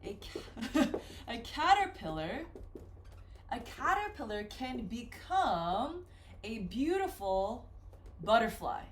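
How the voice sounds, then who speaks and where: A woman teaching English, explaining patiently with simple examples in a slow, careful lesson. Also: a little high, big pitch swings, a little hiss or hum.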